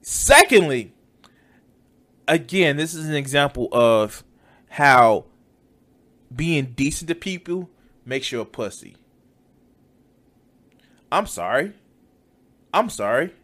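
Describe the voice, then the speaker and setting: A man reacts with heated scorn, swearing freely and mocking what he hears. His voice sits high and swings widely in pitch. He takes his time, stretching his words slowly. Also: animated, a bit bright. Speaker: reaction commentator. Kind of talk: profane reaction commentary.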